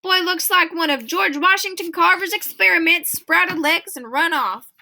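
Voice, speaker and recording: A woman voicing a playful older man who teases a boy with slow, drawling jokes. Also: very high voice, gravelly, sharp tone, a little hiss or hum, pitched above the performer's own voice, heavily acted. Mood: teasing. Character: teasing older man, grandfatherly joker.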